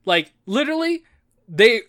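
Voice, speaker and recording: A podcast co-host in casual chat, giggly and excitable, rushing through points. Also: mid-range voice.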